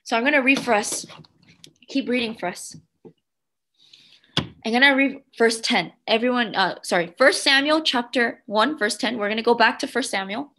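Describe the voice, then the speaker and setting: A woman children's pastor preaching to kids, animated and asking the room questions. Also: on the high side, normal speed. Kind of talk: children's sermon.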